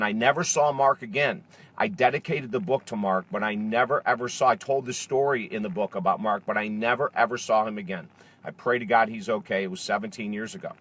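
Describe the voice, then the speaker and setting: Man telling a personal story to camera. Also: medium pitch. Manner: animated, acts out quoted dialogue. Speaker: author and speaker. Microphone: camera facing speaker.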